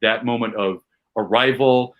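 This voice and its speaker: A man from Chicago, a comedian, telling a fan memory in casual chat with rising excitement and self-mocking asides. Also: mid-range voice, a little slow. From Chicago, USA. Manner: animated, builds tension, self-mocking. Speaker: podcast guest, comedian.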